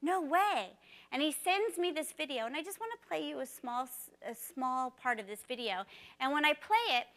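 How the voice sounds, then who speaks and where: A former teacher gives a keynote in a high-pitched, bright voice. She tells stories in an animated way and acts out the dialogue she quotes. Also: a little fast. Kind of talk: storytelling keynote talk.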